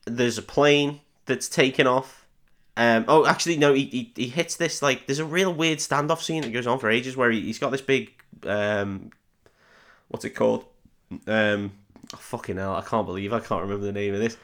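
A man recapping a film on a comedy podcast, at a mid pitch. He rambles, laughs as he goes, swears, and breaks into silly voices for the characters. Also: moderate pace, a bit bright. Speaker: podcast host.

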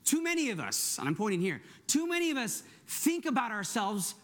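A middle-aged man delivers a sermon as the church's pastor, keeping it loose and conversational. His voice sits notably high for a man, and he talks with lively energy. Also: brisk. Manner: energetic, conversational, asks the congregation "right?".

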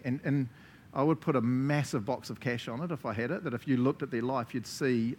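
Animated New Zealand pastor preaching. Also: male voice, medium pitch, a little fast, a little hiss or hum. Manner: animated, laughs often between phrases; talks straight to listeners with frequent "right?" checks. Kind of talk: sermon.

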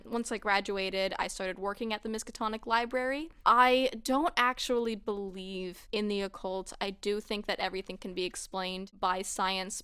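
A woman's voice: medium pitch, sharp tone, clean tone, dry recording, studio quality. A woman describing her role-playing character in a fluent, composed way. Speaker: player. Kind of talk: casual tabletop chat.

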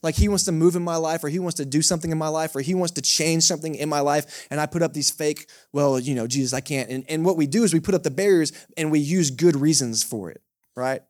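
Joking pastor with a higher voice. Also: male voice, fast, a little mellow. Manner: conversational, joking, keeps asking the congregation "right?". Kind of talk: sermon. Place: church service held in a cinema.

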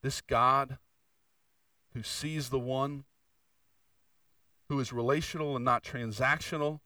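A man preaching a sermon as pastor in a church, moving between fervent, raised passages and quieter, confessional asides. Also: mid-range voice, fairly even intonation, slow pace, no room sound, distant mic, rough recording. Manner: preaching with rising intensity and candid confession. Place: church sanctuary.

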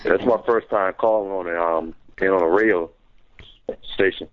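A man's voice: deep voice, fairly quick. A man calling in to a radio show, answering hesitantly in short replies with many fillers. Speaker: caller. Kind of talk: phone-in chat. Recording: dull lo-fi phone-in audio.

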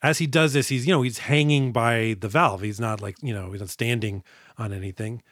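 A man's voice: medium pitch, steady tone, fairly quick, fairly bright tone, no echo, clean studio sound. A man co-hosting a podcast, casually recapping a movie and jokingly acting out the characters' lines. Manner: joking, acts out quotes. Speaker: podcast co-host.

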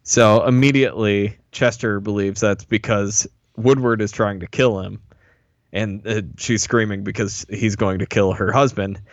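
A man recapping an episode in casual chat, relaxed and laughing often, mildly critical. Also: lowish voice, unhurried, no room sound, muffled recording. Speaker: podcast co-host recapping an episode.

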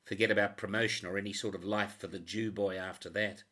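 A man narrating a crime novel audiobook in a steady, even reading voice. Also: fairly low pitch, quick pace.

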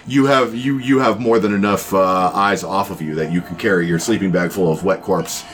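Low-pitched male game master, wry and relaxed. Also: normal speed. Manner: relaxed, wry, sweary banter. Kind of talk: narrating a tabletop game.

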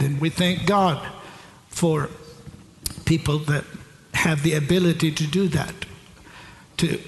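A man's voice: fairly high pitch, gravelly, slight background noise. A middle-aged male pastor preaching a sermon in a large church hall, asking the congregation rhetorical questions and answering them himself. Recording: echoey hall with long reverb.

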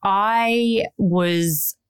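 A woman's voice: medium pitch, drawn-out words, clean tone. An Australian woman podcast host, rambling through a long story in casual chat and swearing now and then.

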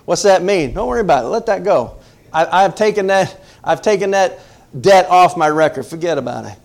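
Here a middle-aged pastor from the northern United States preaches at a fairly quick clip in a high, animated, creaky male voice. He's emphatic and conversational, speaking straight to the congregation and frequently asking them questions.

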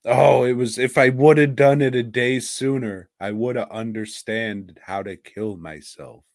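A man's voice: mid-range voice, fairly even intonation, measured pace, no room sound, studio quality. A man co-hosting a casual podcast, talking in a blunt, profane way. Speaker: podcast co-host.

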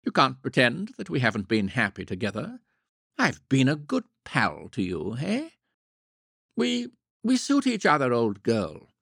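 Man doing a pompous, gruff middle-aged suitor. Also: medium pitch, wildly swooping pitch, unhurried, a bit bright, dry recording, clean studio sound, pitched above the performer's own voice, exaggerated voice. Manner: gruff and blustering.

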